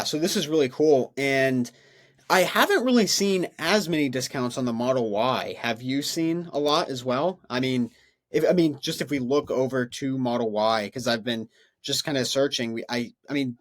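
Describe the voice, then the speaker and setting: An easygoing man co-hosts a casual conversation, walking through listings and asking his guest questions. His voice is mid-pitched and relaxed. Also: normal speed. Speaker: co-host. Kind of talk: casual interview chat.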